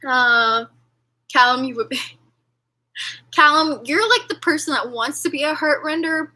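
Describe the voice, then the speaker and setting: A woman's voice: sits high, animated, measured pace, pauses often, pushed and bright, low-quality recording. A young woman hosting a live stream, chatting casually and rambling with lots of fillers and giggles. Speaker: livestream host. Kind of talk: casual livestream chat with viewers.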